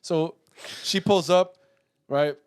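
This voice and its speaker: Animated, profane man telling a story. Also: fairly high pitch, brisk, no room sound, clean studio sound. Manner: profane, animated, swings between loud outbursts and muttering. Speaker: podcast co-host. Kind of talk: casual storytelling.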